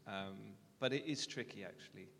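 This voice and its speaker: A man's voice: on the low side, normal speed, creaky, fairly bright tone, slight background noise. A man, a guest speaker, candidly telling a personal faith story in a self-deprecating way, recorded in a large reverberant hall.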